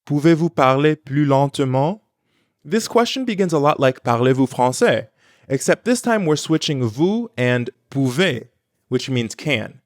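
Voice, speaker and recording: A man co-hosting a scripted language lesson, modeling pronunciation slowly and clearly for learners. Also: medium pitch, big pitch swings, no room sound, clean studio sound. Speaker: language teacher and co-host.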